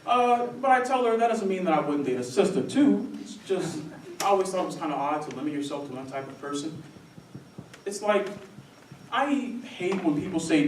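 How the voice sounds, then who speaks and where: Young man with a lively comic delivery. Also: sits high, normal speed, slight background noise. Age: young adult. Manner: wry, animated storytelling. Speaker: student solo performer. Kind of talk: comic theatre monologue. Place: theatre stage before a live audience. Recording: roomy stage sound from a distant mic.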